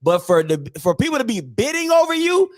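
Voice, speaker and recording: A man hosting a sports commentary show, talking in a joking, animated way and repeating phrases for emphasis. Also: very high voice, fairly quick. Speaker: show host.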